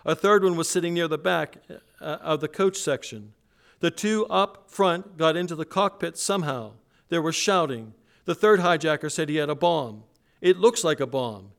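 A man's voice: fairly high pitch, lively intonation, normal speed, vocal fry, fairly bright tone, voice pushed up. A man preacher reading aloud the words of a frightened male airline passenger on an emergency call, in an urgent, pressed way. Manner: urgent, pressed, raised read-aloud delivery.

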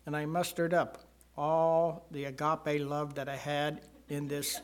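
A man's voice: on the high side, level tone, a little hiss or hum. An older man telling his personal testimony to a church congregation, earnest and rising to emphasis at key moments. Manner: slow, earnest storytelling with swells of emphasis. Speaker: church member giving testimony.

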